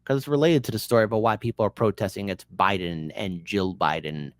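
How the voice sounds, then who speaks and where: A man's voice: lowish voice, fast, no echo, clean studio sound. A man hosting an online commentary show, talking casually with a sarcastic, mocking manner. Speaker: political commentary host.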